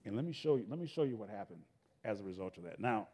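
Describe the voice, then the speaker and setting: A middle-aged man, a guest speaker telling a homespun story to students in a folksy, animated way, often breaking off and restarting his sentences. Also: lowish voice, quick pace, slight background noise. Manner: folksy, animated, self-interrupting, casual grammar. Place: school event space. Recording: long hall reverb.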